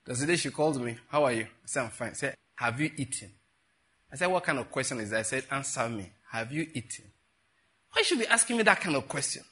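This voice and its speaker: A middle-aged Nigerian man preaching a sermon, telling stories with animated, laughing retellings. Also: mid-range voice, fast talker, breathy edge. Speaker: pastor. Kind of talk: sermon with storytelling.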